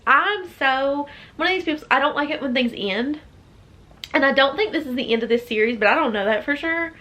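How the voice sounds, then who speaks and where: A woman's voice: high voice, expressive, brisk, sharp tone. A young woman with a Southern US accent chatting casually as a book vlogger, rambling with many fillers and restarts. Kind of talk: casual chat.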